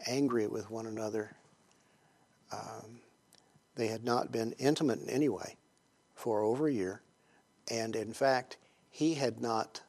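In a storytelling sermon for a group, a male Christian teacher speaks at a medium pitch. His delivery is chatty and halting with many pauses and fillers, shifting between soft, hushed lines and loud emphasis.

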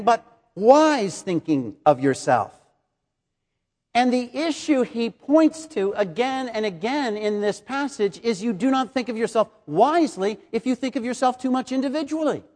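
A middle-aged man preaching a sermon, measured and explanatory, posing rhetorical questions to the congregation. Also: very high-pitched, sing-song, a little mellow, in a large hall. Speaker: pastor.

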